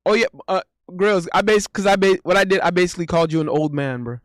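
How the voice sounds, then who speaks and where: Laid-back joking male streamer, crisp voice. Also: high voice, fast talker, no echo, clean studio sound. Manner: loose and joking, laughs often, repeats himself. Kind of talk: casual live-stream chat reading messages.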